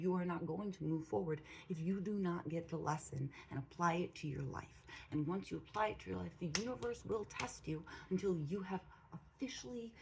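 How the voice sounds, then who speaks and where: A woman with a low, gravelly voice talks through spiritual advice in a loose, unscripted way. She is blunt and swears freely, hammering her points home with repeated phrases. A faint hum of room noise sits under her voice at home. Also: a little mellow, rough recording. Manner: blunt and profane, repetitive emphatic phrasing. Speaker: spiritual channel host. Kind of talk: casual spiritual advice monologue.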